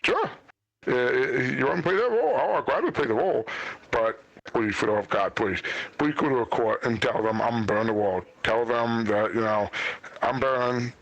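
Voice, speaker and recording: A man with an ordinary mid-pitched voice talking on a podcast, repeating his words as he starts and sounding exasperated. The recording is dry and close. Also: expressive, normal speed, vocal fry, a bit bright, no echo, highs cut off. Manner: stammering, exasperated, rambling. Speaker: podcast guest. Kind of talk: casual podcast chat.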